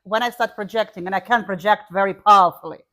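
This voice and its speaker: A woman's voice: medium pitch, quick pace, sharp tone. Playful woman taking feedback. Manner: playful, laughs easily. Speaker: workshop presenter receiving feedback.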